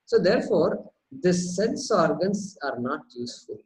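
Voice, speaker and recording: A spiritual teacher with a high voice leads a question-and-answer session, working through a point in a lively way full of rhetorical questions and repeated words. He speaks unhurriedly, and the recording is rough.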